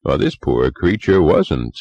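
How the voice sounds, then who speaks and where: A man's voice: extremely low pitch, very animated, slow pace, a little mellow, lo-fi sound, exaggerated voice. Man voicing a musing, confiding clubman. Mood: earnest. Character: earnest middle-aged clubman telling ghost tale. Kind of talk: audiobook character reading.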